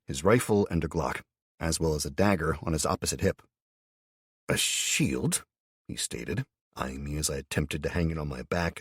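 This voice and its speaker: Male audiobook narrator, low husky voice, relaxed profane first-person delivery, dry sound. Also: dry recording.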